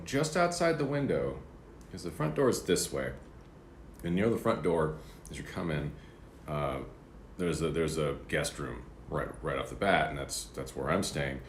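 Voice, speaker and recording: Casting note: man, very low voice, rambling casual streamer, roomy apartment sound. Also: a little hiss or hum. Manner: rambling, chatty, eating between words. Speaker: livestreamer. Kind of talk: casual chat. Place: apartment room. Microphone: streaming setup.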